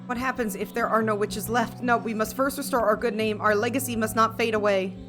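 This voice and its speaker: A woman reading the lines of a sorrowful young witch heroine from a game, slow and solemn. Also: a little high, steady tone, natural voice. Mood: grave. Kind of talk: reading game dialogue aloud. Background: game music.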